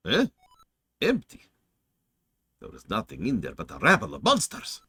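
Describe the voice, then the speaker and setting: A man voicing a haughty, sinister male sorcerer villain in a slow, gloating, theatrical vampire-like voice. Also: lowish voice, huge pitch swings, bright, forceful tone, husky, no echo, heavily acted. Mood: scheming.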